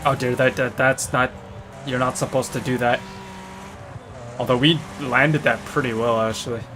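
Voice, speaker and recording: A man giving rambling, excitable commentary while he plays a game, often saying "dude", on a desk mic near a noisy computer. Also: medium pitch, moderate pace. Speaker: gamer. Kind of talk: casual gameplay commentary. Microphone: desktop mic near a noisy computer. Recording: loud racing game sounds behind voice.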